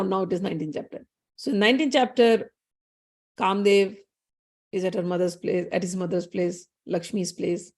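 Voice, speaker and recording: A woman's voice: medium pitch, darkish tone. A woman narrating a spiritual story in a conversational, explanatory way, with frequent restarts.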